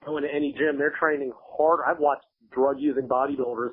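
A man's voice: mid-range voice, steady tone, fairly quick, slightly rough. A man in blunt casual chat, profane and emphatic as he rants. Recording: tinny phone-like audio.

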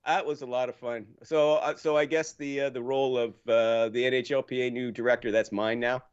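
A man from Nova Scotia co-hosting a hockey podcast in casual chat. He is animated, laughs often, and talks with lots of fillers. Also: mid-range voice, brisk, clean tone, muffled recording. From Nova Scotia, Canada. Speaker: podcast co-host.

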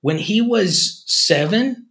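A man's voice: high voice, expressive, slow, creaky, a bit bright. A man co-hosting a podcast, telling stories and jokes in a rambling, casual way. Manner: rambling storyteller, frequent restarts. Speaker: podcast co-host. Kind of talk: casual chat, storytelling.

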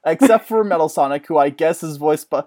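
A man in casual chat, excitable and rambling, often laughing. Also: fairly high pitch, a little fast.

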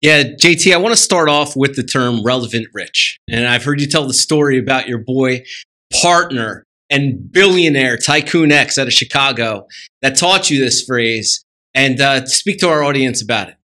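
A man's voice: medium pitch, moderate pace, sharp tone. A male co-host casually setting up a question for his guest. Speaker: podcast co-host. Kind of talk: interview question.

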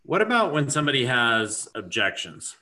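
Lively-voiced man hosting a podcast. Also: mid-range voice, normal speed. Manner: conversational, clarifying. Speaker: podcast host. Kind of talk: interview questions.

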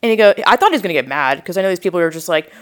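A young woman podcast host telling a story in a rambling, animated way, full of asides and quoted reactions, with a sore throat. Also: lowish voice, racing, clean tone. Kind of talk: casual storytelling.

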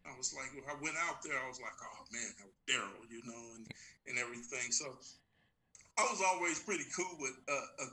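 A man's voice: medium pitch, brisk, rough recording. A middle-aged man, telling stories in a casual interview and acting out the people he quotes. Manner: animated storyteller, acts out quoted voices. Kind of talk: casual storytelling conversation.

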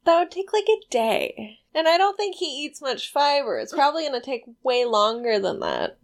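A woman's voice: sits high, very animated, normal speed, gravelly. A woman chatting casually while watching a movie, joking wryly and laughing often. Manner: laughing, wry, sweary banter. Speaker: movie commentator. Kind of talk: casual watch-along chat.

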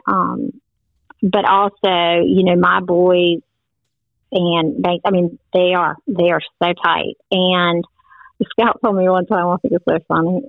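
An older woman with a lilt tells family stories in easy, rambling podcast chat. Her voice has a gravelly fry and comes through a tinny, phone-like channel. The sound is dry, with no room around it. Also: no echo. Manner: warm storytelling with playful high quoted voices. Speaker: guest.

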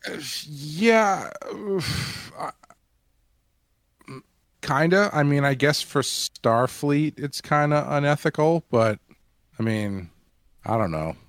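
A man co-hosting a casual podcast discussion, talking in a hesitant way with many pauses and restarts. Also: fairly high pitch, animated, fairly bright tone, no room sound, clean studio sound. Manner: hesitant, full of fillers and restarts. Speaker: podcast co-host.

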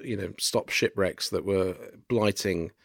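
A man co-hosting a book podcast, sounding deeper and throaty from a virus, talking with hesitant restarts. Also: a little slow, no echo, clean studio sound. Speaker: podcast co-host and publisher. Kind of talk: casual podcast chat.

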